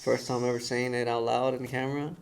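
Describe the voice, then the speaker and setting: Male guest, gravelly tone, animated storyteller, quiet background hiss. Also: mid-range voice, fast talker. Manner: animated storyteller who acts out quoted voices. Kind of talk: casual storytelling.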